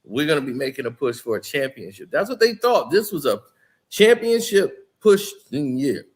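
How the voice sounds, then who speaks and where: A man's voice: mid-range voice, big pitch swings, normal speed. A man giving casual, rambling basketball commentary, telling the story in a loose way with lots of "you know" and "like".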